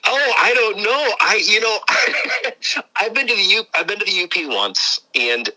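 A man's voice: sits high, animated, unhurried, sharp tone, low-quality recording. A man from Ohio with a Midwestern accent, a podcast guest who talks in a rambling, casual way and laughs often. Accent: Midwestern American. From Ohio, USA. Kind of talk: casual interview.

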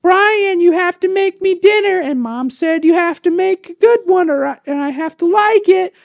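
A man mimicking a bratty, demanding little sister in a high-pitched voice. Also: normal speed, vocal fry, dry recording, studio quality. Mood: bossy. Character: bossy whiny little girl, a bratty sister.

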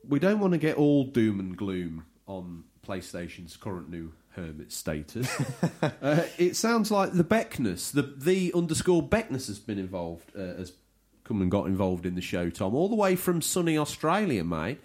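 A man hosting a casual podcast about games, animated and jokey as he reads out listener messages. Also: on the low side, normal speed. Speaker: podcast host.

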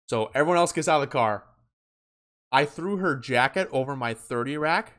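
A man's voice: mid-range voice, animated, moderate pace, fairly bright tone. A young man co-hosting a podcast, telling a story in casual chat with lots of swearing and acted-out quotes. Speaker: podcast co-host.

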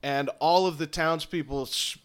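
A man's voice: on the high side, steady tone, normal speed, smooth. A man narrating a tabletop game as game master, describing scenes in an easygoing way. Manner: descriptive, easygoing, with frequent restarts.

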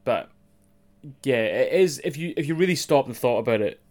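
A man's voice: mid-range voice, expressive, normal speed, a little mellow. A man hosts a podcast in a mid-range voice. He talks casually and hesitantly, restarting sentences and swearing as he goes. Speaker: podcast host. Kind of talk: casual chat.

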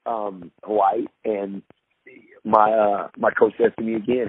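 A man's voice: on the low side, little pitch movement, a little slow, slightly rough. A man casually telling a long story, rambling with many fillers and restarts and acting out what people said. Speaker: podcast guest, former pro basketball player. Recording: tinny phone-like line with faint noise.

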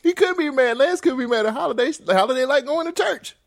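A man's voice: extremely high pitch, lively intonation, fast talker, vocal fry, no room sound, clean studio sound. A man co-hosting a podcast, chatting casually about a movie, joking and laughing. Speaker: podcast co-host. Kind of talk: casual chat, movie review.

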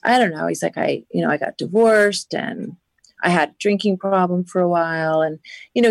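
Her voice is lowish and gravelly, recorded with no echo. As a podcast guest, she recounts a story in an earnest, lively way, sprinkling in many "you know" fillers.

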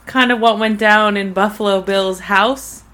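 A woman's voice: mid-range voice, steady tone, measured pace, fairly bright tone. A woman co-hosting a podcast, chatting casually and swearing now and then. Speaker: podcast co-host. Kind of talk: casual chat.

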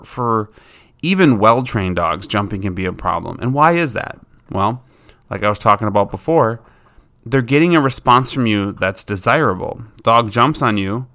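A man's voice: on the low side, expressive, normal speed, sharp tone. Plain-spoken man explaining dog training. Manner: informal, plain-spoken, acts out what a dog thinks. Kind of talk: casual instructional talk.

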